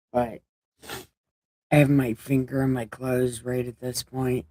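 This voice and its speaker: Woman with a runny nose, slow-paced and irreverent, reads scripture on a stream; dry, close recording. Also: extremely low pitch, dark tone, no room sound. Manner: jokey, irreverent, swears casually. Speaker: online Bible reader. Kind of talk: casual livestream scripture reading.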